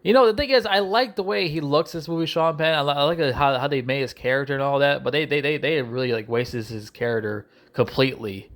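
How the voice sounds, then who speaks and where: A man's voice: medium pitch, steady tone, fairly quick, hardly any pauses, fairly bright tone. A man ranting angrily through a video movie review, swearing and repeating himself, with frequent restarts. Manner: angry, profane, repetitive ranting; restarts and stumbles often.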